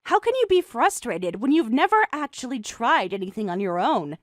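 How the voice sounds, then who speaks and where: A young woman voicing a calm, mocking designer who also narrates the story in first person. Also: a little high, no echo, clean studio sound. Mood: cold mocking. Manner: cool, mocking, measured.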